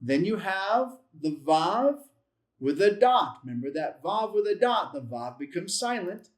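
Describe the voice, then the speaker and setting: A man with a fairly high-pitched voice leads a patient, step-by-step lesson. He sounds out each letter slowly and repeats syllables several times. He corrects his own slips with light, self-deprecating humor. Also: big pitch swings. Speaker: Bible Hebrew teacher. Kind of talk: classroom-style language lesson.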